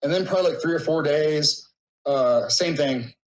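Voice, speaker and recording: A man's voice: a little high, moderate pace, rough recording. A man in his thirties, a podcast guest, telling a rambling, emotional story in casual conversation.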